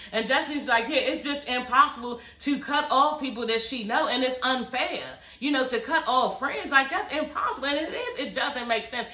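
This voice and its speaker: A woman's voice: fairly high pitch, pushed and bright, reverberant, low-quality recording. A young woman giving a blunt, profane recap of a reality show, talking casually to her viewers. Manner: blunt, profane, repeats "you know what I'm saying".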